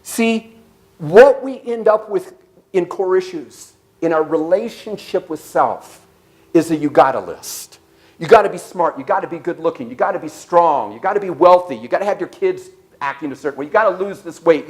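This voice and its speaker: A man giving an animated sermon-style talk at a church service, telling stories and questioning the audience. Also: fairly high pitch, brisk. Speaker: speaker.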